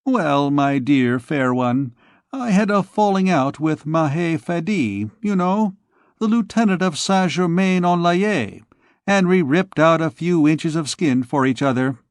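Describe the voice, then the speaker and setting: A man's voice: fairly high pitch, lively intonation, a little slow, no echo, clean studio sound, pitched above the performer's own voice. A man playing a vain, evasive young army captain in an audiobook, giving offhand, glib excuses. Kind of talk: audiobook character voice.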